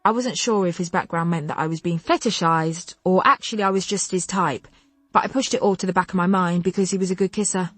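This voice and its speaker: A woman narrating a contemporary novel in first person, telling it in an expressive, wry way on a close studio mic. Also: on the low side, brisk, dry recording. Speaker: audiobook narrator.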